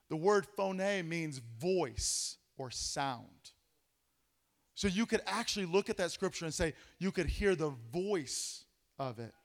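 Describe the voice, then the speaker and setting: High-voiced animated male pastor. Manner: animated, asks rhetorical questions, dramatic drops to a hush. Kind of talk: Bible study teaching.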